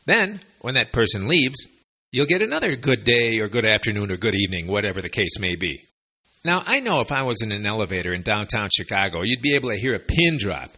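Male language teacher with a husky, forceful voice and lively delivery; casual, wry, sarcastic asides. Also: fairly low pitch, fairly quick. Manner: lively, chatty explaining. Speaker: Spanish teacher for expats. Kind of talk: conversational language lesson.

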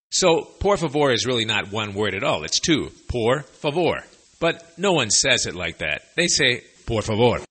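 Male language teacher with a husky, forceful voice and lively delivery; casual, wry, sarcastic asides. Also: medium pitch. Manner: lively, chatty explaining. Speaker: Spanish teacher for expats. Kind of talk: conversational language lesson.

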